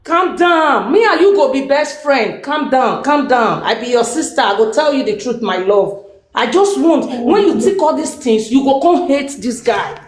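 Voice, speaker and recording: A woman with a Nigerian Pidgin accent pleads earnestly, speaking like a caring older sister. Her voice sits a little high and rings around an echoey room. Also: lively intonation, normal speed. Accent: Nigerian Pidgin English. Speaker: guest giving advice. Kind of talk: impassioned advice on a live stream.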